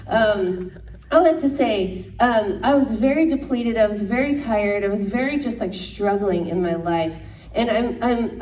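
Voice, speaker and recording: A woman in her thirties, a worship leader, giving an earnest personal faith testimony with halting restarts. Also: mid-range voice, mellow, slight background noise. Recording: roomy, distant mic.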